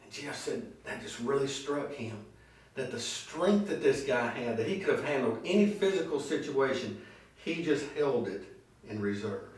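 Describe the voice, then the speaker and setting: A man preaches in a very echoey church sanctuary, heard from some distance off the mic. He tells stories with lively acted voices and slows right down to stress his main points. His pitch sits in the middle range for a man. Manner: storytelling preacher, slow emphatic phrases, acts out quoted voices. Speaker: pastor. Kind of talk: sermon.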